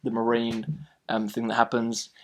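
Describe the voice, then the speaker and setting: At a measured pace, a man hosts a casual film review in an ordinary mid pitch. He rambles with animation and keeps restarting sentences while sharing his opinions.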